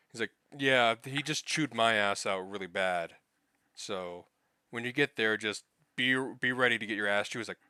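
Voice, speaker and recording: A young man spins a rambling, profanity-laced story about his week at work, now and then acting out what other people said. His voice is bright and crisp, and the recording is dry and close. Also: lowish voice, no echo. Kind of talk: casual spoken anecdote.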